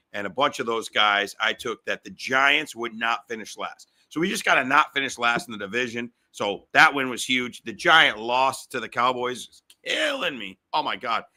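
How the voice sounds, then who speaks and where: Fast-talking fired-up male podcast host. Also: mid-range voice, pushed and bright. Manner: fast, fired-up, repeats himself. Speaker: sports betting podcast host. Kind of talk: solo sports betting podcast.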